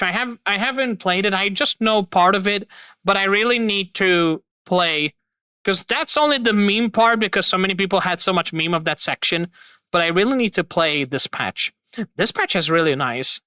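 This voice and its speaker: A man's voice: high voice, bright, forceful tone, no echo. A man hosting a live stream, chatting casually to his viewers in an upbeat, rambling, slangy way. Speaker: streamer host.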